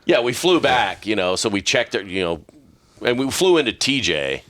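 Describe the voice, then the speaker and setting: A man's voice: fairly low pitch, big pitch swings, normal speed, fairly bright tone. A man co-hosting a podcast, telling rambling, profanity-laced anecdotes in casual chat.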